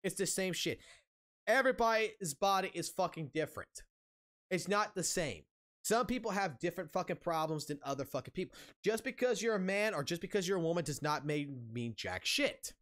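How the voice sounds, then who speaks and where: A man's voice: high voice, animated, brisk, a bit bright. A man streaming a casual rant, angry and heavily profane, blunt, repeating himself for emphasis.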